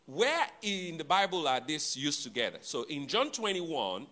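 A man preaching a sermon to his congregation, teaching deliberately, repeating and spelling out key words, with playful asides to the listeners. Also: fairly high pitch, big pitch swings, bright, forceful tone. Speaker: pastor.

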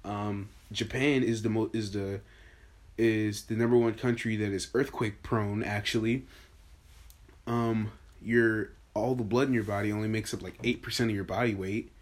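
A man's voice: lowish voice, fairly even intonation, moderate pace. Goofy rambling man on a podcast. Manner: goofy, rambling, stumbles over words. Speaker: podcast host. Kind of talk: casual podcast chat.

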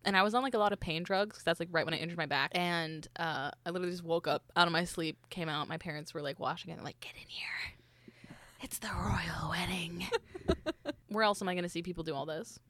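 A woman's voice: fairly low pitch, quick pace, a bit bright. A young woman co-hosting a casual book chat, talkative and laughing often. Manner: chatty, laughs often, trails off mid-sentence. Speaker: podcast co-host.

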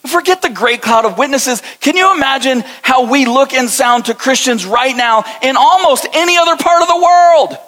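A middle-aged man preaching a sermon with passion, moving between soft intensity and lively emphasis. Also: extremely high pitch, normal speed, hardly any pauses, long reverb tail, poor audio. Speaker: pastor.

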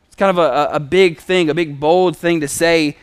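Male preacher, relaxed conversational sermon, high clear voice. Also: moderate pace, dry recording, studio quality. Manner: conversational storytelling with acted quotes.

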